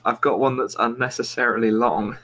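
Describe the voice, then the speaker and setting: A man's voice: medium pitch, fairly even intonation, a little fast, noisy background. Rambling man telling a long joke. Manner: rambling, self-mocking storyteller with frequent restarts. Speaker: podcast host. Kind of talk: casual joke telling among friends.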